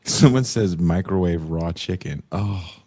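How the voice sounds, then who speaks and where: This podcast co-host is a young man with a low, slightly mellow voice and a measured pace. Chatting casually, he spins profane stories and mimics the dialogue of the people involved.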